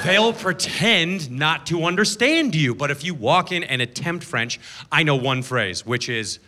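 Guy doing standup on stage, sarcastic, bit higher voice, some noise in the recording. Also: lively intonation, a little slow. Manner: sarcastic, puts on mocking voices for bits. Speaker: stand-up comedian. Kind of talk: stand-up comedy set. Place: theater stage with a laughing audience.

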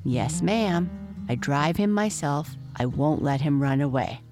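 A woman's voice: low voice, a little slow, over music. A woman voicing a cheerful, hard-working poor boy who talks eagerly. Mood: polite. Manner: eager, excited.

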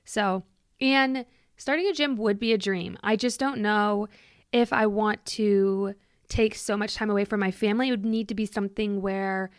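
A young woman hosts her own podcast, chatting reflectively and emotionally and using "like" as a frequent filler. Her voice is medium-pitched and smooth, with fairly even intonation and a normal speed, captured in a dry, studio-quality recording.

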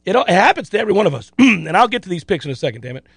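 A middle-aged man hosting a sports radio show, chatting casually and telling stories in an animated, self-deprecating way. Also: sits high, rapid-fire, vocal fry, husky, dry recording. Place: radio studio.

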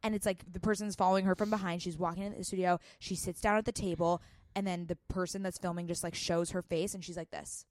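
A woman's voice: lowish voice, little pitch movement, quick pace, darkish tone, no room sound. A woman co-hosting a casual chat, reacting expressively and laughing often. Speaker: co-host.

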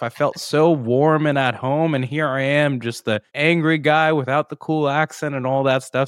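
A man hosts a sales podcast in a relaxed, upbeat manner, tossing in jokes. The sound is dry and close. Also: mid-range voice, no echo. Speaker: podcast host. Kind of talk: casual podcast chat.

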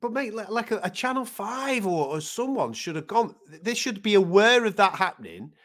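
A man co-hosting a boxing talk show, chatting casually with lively, exasperated banter. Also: sits high, moderate pace. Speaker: boxing podcast co-host. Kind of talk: casual chat.

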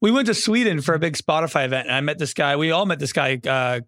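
A man co-hosting a podcast in casual chat with joking, deadpan asides. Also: fairly high pitch, fast, dry recording, clean studio sound. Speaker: podcast co-host.

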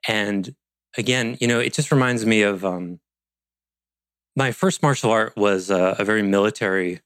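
Lowish guy running an online class on a video call, rambly, keeps cutting himself off, dry sound. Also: moderate pace, fairly bright tone, clear, resonant tone, no echo. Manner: rambling, self-interrupting, playful asides. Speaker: course instructor.

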